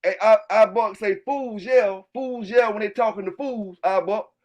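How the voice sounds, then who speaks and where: A man with a Southern US accent who hosts his own channel about his dog kennel, ranting loudly and with plenty of swearing to his livestream chat. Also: sits high, normal speed, muffled recording. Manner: loud, fired-up, profane, keeps repeating filler tags. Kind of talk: livestream rant answering chat.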